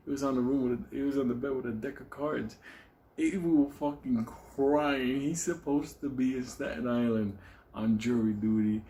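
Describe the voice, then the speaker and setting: A man's voice: mid-range voice, moderate pace, warm tone, slight background noise. A man telling a casual neighborhood story with heavy profanity, rambling asides and frequent laughter. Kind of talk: casual anecdote.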